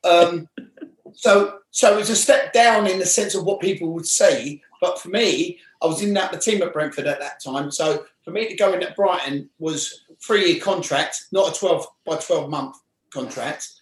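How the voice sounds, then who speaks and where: London guy in his forties, lively yarn-spinner, slightly high voice, echoey room. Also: normal speed. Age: 40s. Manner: animated, acts out quoted voices. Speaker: interview guest, former footballer. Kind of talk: casual storytelling.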